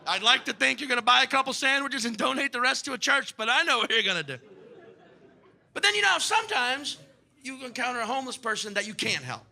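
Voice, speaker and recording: Brief: American male comic, high gravelly voice, profane and animated, live stand-up. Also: quick pace. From United States. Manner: animated, profane, shouting bursts. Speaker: stand-up comedian. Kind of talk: stand-up comedy set. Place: live comedy stage before an audience.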